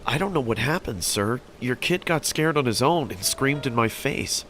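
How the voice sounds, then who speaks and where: A man voicing a nervous young fast-food worker who answers defensively in a raised voice. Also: mid-range voice, lively intonation, fairly bright tone, slight background noise, voice pushed up, natural voice.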